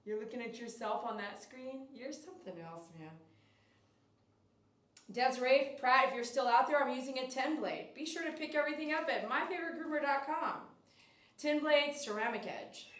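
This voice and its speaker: This woman's voice sits high with a fairly bright tone, and she talks at a moderate pace. She's a dog groomer livestreaming casually from her shop, cooing at a dog and reading comments from viewers. The sound echoes, as the mic is placed some distance away.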